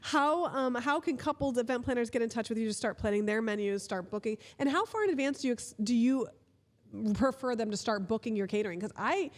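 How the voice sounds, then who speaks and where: A woman's voice: on the high side, a little fast, long reverb tail. A woman hosting a podcast, asking questions in a friendly, upbeat casual chat. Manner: friendly, upbeat, laughs often. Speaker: podcast host.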